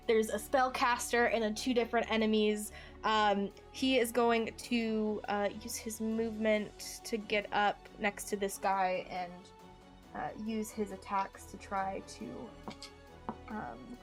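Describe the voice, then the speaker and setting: A woman narrating as game master of a tabletop game, hesitant and full of fillers. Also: fairly high pitch.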